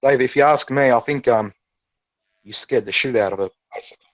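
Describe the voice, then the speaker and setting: A man's voice: medium pitch, brisk, fairly bright tone, no room sound. Blunt guy in a voice chat calling a friend out, dull lo-fi dry audio. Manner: blunt, calls people out. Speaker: chat room panelist.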